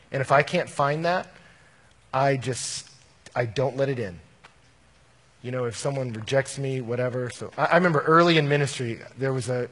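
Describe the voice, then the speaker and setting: A man's voice: medium pitch, long reverb tail. Candid man answering a question. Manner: candid, storytelling, quotes scripture. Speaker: youth minister answering audience questions. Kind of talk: conversational Q&A answer.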